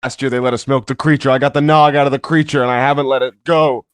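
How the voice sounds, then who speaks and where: A man's voice: mid-range voice, level tone, fast talker, clear, resonant tone, no room sound. A man in a tabletop game who is brash and coarse, swearing freely and acting out his character's threats. His voice sounds dry and close to the mic, in a mid range. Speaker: player. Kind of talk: tabletop role-play banter.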